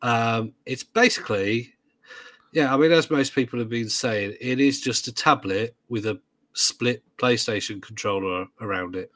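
Co-hosting a gaming podcast, a man chats casually but hesitantly, full of ums and restarts, and tosses in joking asides. His medium-pitched voice is a bit bright and a little slow, captured in a dry recording.

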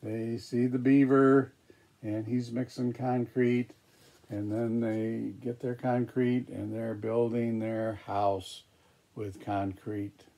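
A man reading a picture book aloud, pausing for chatty, hesitant asides about the pictures. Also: mid-range voice, level tone, vocal fry, warm tone. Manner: hesitant, with fillers and restarts. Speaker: storybook reader.

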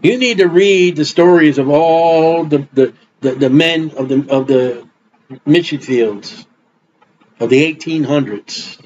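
A man's voice: fairly high pitch, slow, a little mellow, a little hiss or hum. A middle-aged man preaching an informal, rambling sermon in a blunt, conversational way. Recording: dull lo-fi recording.

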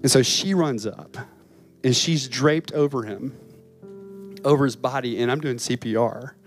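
A man's voice: medium pitch, measured pace, faint music behind. A man, a campus pastor, preaching a chapel sermon and telling a story with emotion, at times crying. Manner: emotional storytelling, voice rising and breaking.

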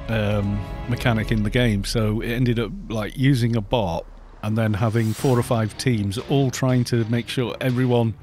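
A man's voice: mid-range voice, a little mellow. Casting note: male streamer, casual and jokey, mid-range voice, laughs a lot, desk mic. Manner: rambling and jokey, laughs often. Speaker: gaming streamer. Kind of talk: casual live-stream chat while playing.

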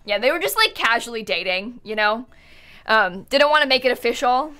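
A young woman's slightly high voice comes across expressive, bright, forceful and smooth at a normal speed. She casually live-streams a life-sim game, laughing a lot and scolding her characters as quiet game music plays.

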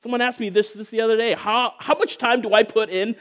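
High-voiced man preaching a sermon. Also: steady tone, quick pace. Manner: conversational, joking asides. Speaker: guest preacher and church elder.

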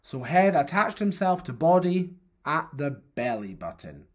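A storyteller reading a folktale aloud for primary pupils, in a careful, expressive way. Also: medium pitch, a little slow.

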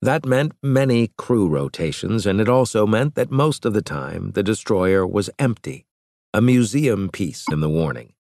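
A man's voice: on the low side, animated, moderate pace, gravelly, a little mellow, dry recording. A man narrating a science fiction audiobook in a dramatic reading, close to the mic. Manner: dramatic reading with varied voices. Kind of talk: scripted narration.

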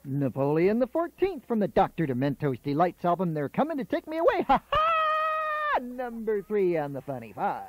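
A man's voice: sits high, wildly swooping pitch, fairly quick, hardly any pauses, a little mellow, no echo. A man hosting a novelty radio show, announcing records playfully.

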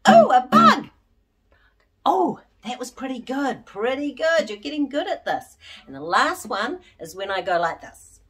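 Lively high-voiced woman. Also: moderate pace, distant mic. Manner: animated, encouraging, talks to children directly. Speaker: children's singer and presenter. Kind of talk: interactive children's song lesson. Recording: speech over loud guitar music.

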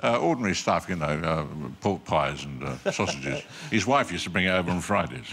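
An older English actor telling rambling, dry anecdotes as a talk show guest, with mumbled asides. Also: male voice, sits low, very animated, a little fast, a bit bright, slight background noise. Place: TV studio with audience.

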